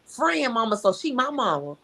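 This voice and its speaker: A woman voicing an excited homeless teenage boy who is eager, amazed and keeps repeating himself. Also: extremely high pitch, moderate pace, creaky, voice pushed up, exaggerated voice. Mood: proud.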